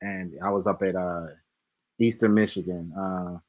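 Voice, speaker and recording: A man's voice: low voice, fairly even intonation, measured pace, darkish tone. Laid-back man telling stories. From Detroit, USA. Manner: loose storytelling, swears freely. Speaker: podcast host. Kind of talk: casual chat.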